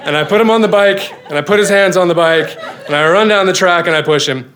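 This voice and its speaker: A middle-aged man, a father, telling a personal story on stage with lively, self-mocking comic timing. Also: high-pitched, fast, some chatter behind. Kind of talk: live storytelling performance.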